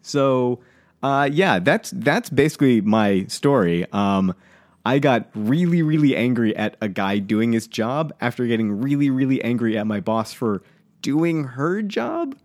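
A man co-hosting a casual podcast, telling an annoyed story with lots of swearing and lively venting. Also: medium pitch, measured pace. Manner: animated, swears, worked up while telling a story. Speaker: podcast co-host.

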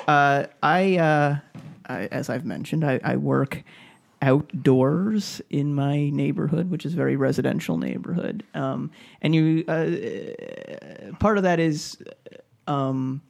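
A man's voice: fairly high pitch, vocal fry. A man telling a story on a podcast in casual chat, rambling with many fillers and restarts.

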